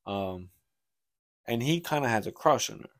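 A man's voice: medium pitch, expressive, normal speed, no echo. A man co-hosting a casual book podcast, rambling through a story retelling with lots of "like" and restarts. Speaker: podcast co-host.

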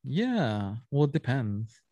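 A young man co-hosts a casual podcast, chiming in with sassy, playful banter. His pitch is in the middle range. He is recorded close and dry. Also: sing-song, slow, warm tone, dry recording, dull audio. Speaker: podcast co-host. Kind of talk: casual chat.

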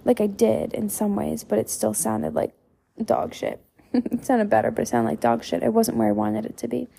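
A woman's voice: a little high, animated, normal speed, vocal fry, warm tone, slight background noise. A woman hosting a podcast, delivering a blunt motivational monologue full of swearing and emphatic repetition. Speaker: podcast host and mindset coach.

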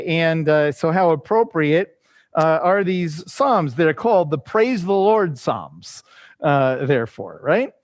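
High-pitched guy teaching the bible, lots of uh's and right?'s, super dry close sound. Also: no echo. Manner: conversational, many "uh" fillers and "right?" checks; reads scripture slowly and deliberately.

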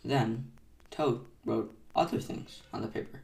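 Slow, soothing bedtime storyteller, a man. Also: mid-range voice, fairly even intonation, gravelly, roomy sound, recorded from a distance. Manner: gentle and unhurried. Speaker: bedtime story podcast host.

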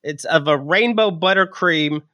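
A podcast co-host tells a comedic story, laughing often and acting out other people's lines in an animated way. His voice is a little high and unhurried, with no room sound and a lo-fi quality.

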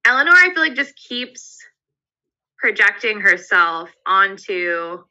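A woman co-hosting a podcast, reading a passage aloud and then thinking out loud tentatively, with many "like"s. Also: mid-range voice, sing-song, slow, rough recording. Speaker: podcast co-host. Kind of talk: reading aloud and casual discussion.

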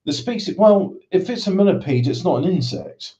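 A man's voice: high voice, lively intonation, normal speed, mellow. A man chatting casually on a podcast, reading out odd news stories with wry, rambling asides. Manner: wry, rambling, reads headlines aloud with asides. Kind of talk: casual chat. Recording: dull lo-fi sound.

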